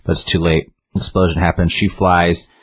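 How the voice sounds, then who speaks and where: A man's voice: low voice, level tone, moderate pace, slightly rough. A man casually retelling a book's story in a rambling way, with many restarts and fillers. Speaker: book reviewer.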